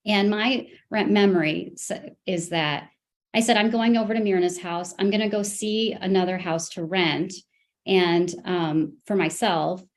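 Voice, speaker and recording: A woman testifying in a custody hearing at a middle pitch. She speaks haltingly, stopping and restarting her sentences and filling gaps with ums as she recounts events. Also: steady tone. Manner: hesitant, halting, full of restarts and fillers. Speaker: parent testifying in a custody case. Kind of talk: court testimony.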